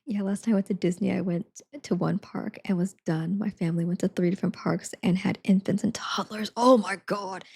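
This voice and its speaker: A young woman live streamer chats casually with her viewers. She rambles through her stories with plenty of giggles and filler words. Her pitch sits in an ordinary middle range for a woman. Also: steady tone, brisk, creaky, few pauses, darkish tone, breathy edge.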